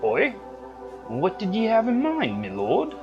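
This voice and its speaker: A man voicing a young male rogue henchman with a put-on brogue, high and chatty. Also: wildly swooping pitch, measured pace, lo-fi sound, music in the background, exaggerated voice. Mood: cheeky. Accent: put-on Irish-like brogue. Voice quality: high light voice. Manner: chatty, irreverent.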